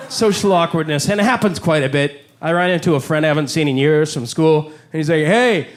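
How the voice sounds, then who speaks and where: Brash, high-voiced stand-up comic. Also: male voice, steady tone, a little fast. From Canada. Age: 40s. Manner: brash, profane storytelling. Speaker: stand-up comedian. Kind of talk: live stand-up set. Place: comedy club.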